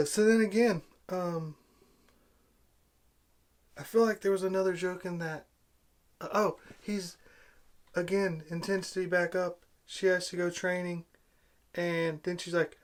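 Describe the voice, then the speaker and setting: A man's voice: high voice, a little slow. A man giving an angry, sarcastic movie review rant, exasperated and repeating himself. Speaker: video blogger.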